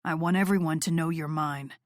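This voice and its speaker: A woman voicing a seductive, commanding male rock star in a low, murmuring, dominant tone in an audiobook. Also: steady tone, brisk, no echo, studio quality, lightly acted. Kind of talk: audiobook character voice.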